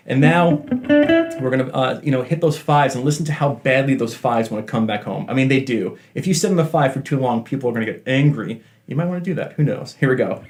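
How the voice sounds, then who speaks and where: A man's voice: mid-range voice, a little mellow. A man giving a casual guitar lesson in a chatty, joking way with self-deprecating asides. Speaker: guitar teacher. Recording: faint guitar playing behind.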